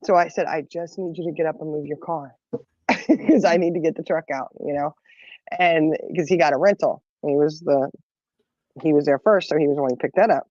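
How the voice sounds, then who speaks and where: A woman's voice: sits low, fairly quick, darkish tone, dry recording. Chatty middle-aged woman, dry dull sound. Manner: chatty, laughs often, rambling. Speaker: podcast co-host. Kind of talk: casual storytelling chat.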